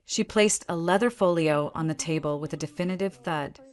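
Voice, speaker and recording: A woman giving a steady, measured first-person story narration. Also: sits low.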